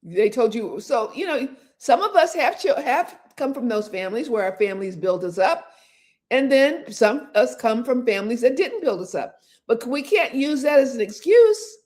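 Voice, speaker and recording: Brief: older woman host, higher voice with lots of swing, acts out inner voices, quick to laugh. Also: sing-song, a little mellow. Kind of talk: casual motivational talk.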